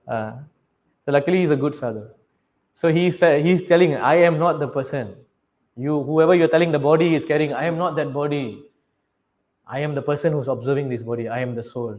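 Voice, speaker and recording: A middle-aged man giving a sermon in slightly non-native English, telling stories, acting out the characters' lines and asking his listeners questions. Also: a little high. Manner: animated storyteller, asks the audience questions, acts out quoted dialogue. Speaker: preacher giving a scripture class. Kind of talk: sermon, storytelling.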